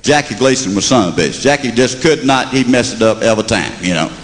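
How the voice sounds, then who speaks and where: A man's voice: medium pitch, expressive, fast. A man with a Southern American accent doing a drawling, mock-indignant stand-up set. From Southern United States. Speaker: stand-up comedian. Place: comedy stage before an audience. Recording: live comedy club recording from a hall, crowd and noise audible.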